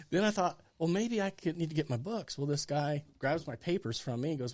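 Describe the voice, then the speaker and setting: A man in his sixties, a pastor being interviewed, telling a story with lively acted-out dialogue. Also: on the high side, a little fast, dull audio. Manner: animated storyteller acting out dialogue. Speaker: pastor and guest.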